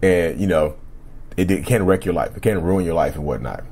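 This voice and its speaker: A man hosting a casual solo podcast, talking in a rambling, repetitive way with a slightly rough throat he keeps clearing, and often asking the listeners "right?". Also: low voice, brisk, a little mellow. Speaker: podcast host.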